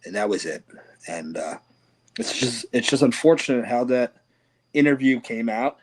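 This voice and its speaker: A man's voice: medium pitch, animated, normal speed, noisy background. Profane, rambling man storyteller. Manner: loose, profane storytelling with quoted voices. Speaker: professional wrestler, guest. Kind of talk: casual conversational interview.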